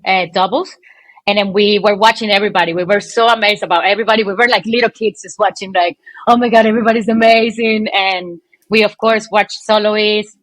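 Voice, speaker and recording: A woman from Venezuela, a guest telling stories in an animated, chatty way, full of "like" and "okay". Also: medium pitch, dry recording. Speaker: guest, pole dance champion. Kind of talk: casual interview storytelling.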